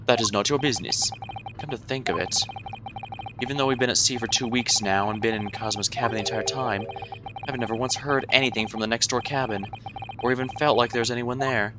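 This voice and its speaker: A man's voice: mid-range voice, steady tone, fairly quick, background noise. A male streamer reading game dialogue aloud in a chatty way, sometimes tripping over his words.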